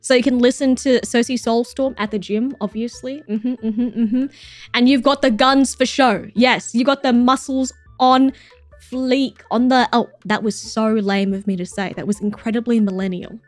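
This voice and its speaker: A woman in her thirties streams live, reacting to viewer submissions in a slightly high voice with fairly even intonation at normal speed. She gushes over their photos, swears freely, laughs often and tosses out mock-jealous insults. The sound is close and dry, with no echo and soft music underneath.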